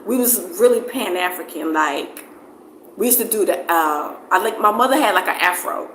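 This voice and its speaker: Bright, rambling middle-aged New Jersey woman. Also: mid-range voice, animated, moderate pace. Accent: New Jersey mixed with Southern US. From New Jersey, USA. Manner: loose and rambling, with many "like" fillers and repeats. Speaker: interviewee. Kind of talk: casual conversation. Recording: roomy echo with faint background noise.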